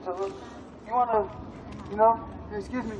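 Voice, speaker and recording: A man's voice: high-pitched, fairly even intonation, moderate pace. A man speaking to a crowd at an outdoor gathering, blunt and emphatic with repeated phrases. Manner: emphatic, blunt, preacherly repetition. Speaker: speaker at a vigil. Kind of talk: addressing a crowd. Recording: muffled, off-mic at outdoor gathering.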